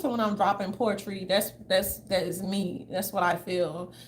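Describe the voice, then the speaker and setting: A woman's voice: medium pitch, fairly even intonation, fairly quick, few pauses, slight background noise. A woman from the southern United States doing casual livestream commentary, loose, chatty, blunt and profane as she talks straight to her viewers.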